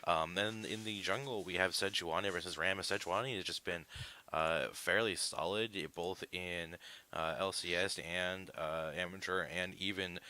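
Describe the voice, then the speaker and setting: A man's voice: deep voice, fairly even intonation, measured pace, bright, forceful tone. A man giving live esports analysis, explaining picks at length with frequent "uh" fillers. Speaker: esports caster.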